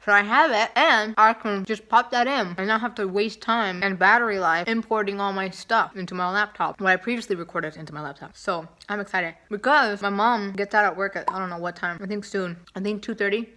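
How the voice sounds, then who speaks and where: A woman's voice: mid-range voice, fairly quick, few pauses, pushed and bright. A young woman vlogging at home into her camera, chatting casually and rambling, often repeating herself. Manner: chatty and repetitive, self-talk to camera. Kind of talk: casual rambling vlog talk.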